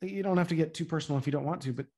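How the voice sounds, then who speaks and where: An interviewer who gently encourages guests to share, with easy laughter. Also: medium pitch, very fast, slightly rough. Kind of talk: casual interview.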